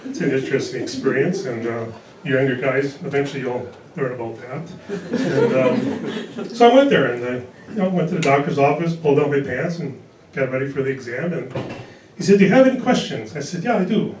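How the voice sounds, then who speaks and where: A man in his early sixties performing a stand-up comedy set on a club stage, delivering dry one-liners in a deadpan way. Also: mid-range voice, fairly quick, background noise. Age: 60s. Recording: echoey club recorded from a distance. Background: audience laughter.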